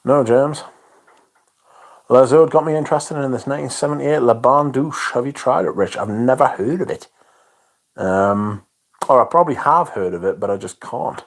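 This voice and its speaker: A man's voice: mid-range voice, normal speed. Chuckling man chatting on a livestream. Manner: rambling, chuckling, swears freely. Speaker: livestream host. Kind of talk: casual chat reading viewer comments.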